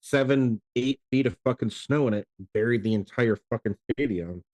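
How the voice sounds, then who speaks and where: A man's voice: mid-range voice, normal speed, darkish tone. A man hosting a live online chat show, talking loosely with frequent swearing and restarts. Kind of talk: casual chat.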